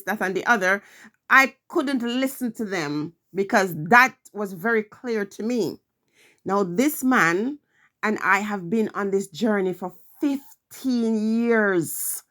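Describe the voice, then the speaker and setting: A woman's voice: medium pitch, bright, forceful tone. A middle-aged woman vlogging, telling a personal story in an earnest, emphatic way, repeating her phrases.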